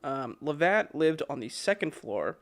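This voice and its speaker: A man's voice: fairly high pitch, measured pace. Laid-back man telling a story. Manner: relaxed, many fillers and chuckles. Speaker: podcast co-host. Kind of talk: casual storytelling chat.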